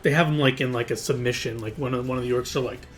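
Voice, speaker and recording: A man acts as game master for a tabletop game, narrating in a loose, casual way packed with fillers and hedges. He talks fast in a steady, mid-range voice, with soft music playing in the background.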